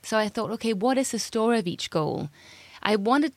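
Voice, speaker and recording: A woman's voice: a little high, expressive, moderate pace, no echo. A woman being interviewed as a jewelry designer, talking casually with frequent restarts. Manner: chatty, many restarts and repeated words.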